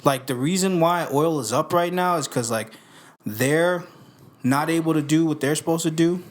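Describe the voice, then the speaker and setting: A young male podcast host talking close on a studio mic, with a slightly higher voice than most men. His delivery is loose, profane and full of slang, animated as he rants. He keeps it casual and conversational. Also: moderate pace. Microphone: studio microphone.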